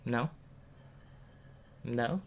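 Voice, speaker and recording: A man giving a casual motivational talk to viewers. He uses street slang, asks them questions and gets hyped, with big jumps in pitch. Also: drawn-out words. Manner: talks straight to viewers, asking questions. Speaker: motivational vlogger.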